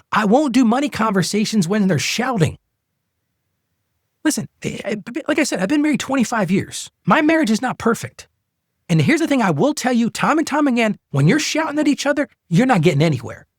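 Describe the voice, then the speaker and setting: A man's voice: sits high, husky, no room sound, clean studio sound. A middle-aged man hosting a faith-based money advice podcast, earnest and coaching, often repeating phrases for emphasis. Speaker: podcast host.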